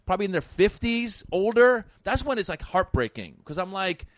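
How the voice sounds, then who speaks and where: This is a man from Iran who works as a stand-up comedian, chatting casually on a podcast. He tells long stories with eager restarts and repeated words. His voice sits a little high, and the recording is close and dry. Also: lively intonation, normal speed, no room sound.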